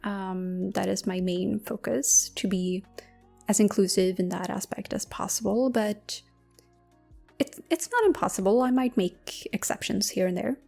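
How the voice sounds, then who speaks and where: Slow, soft-spoken ASMR woman. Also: medium pitch, vocal fry, soft background music. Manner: slow, intimate, drifting into whispers with soft laughs. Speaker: ASMR creator.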